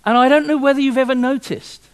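A man preaching a sermon, lively and fond of repeating himself and asking rhetorical questions. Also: extremely high pitch, quick pace, smooth.

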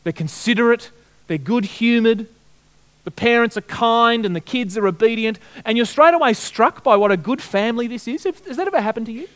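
A man's voice: very high-pitched, a little fast. A man preaching a sermon, telling stories and putting direct questions to his congregation. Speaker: pastor.

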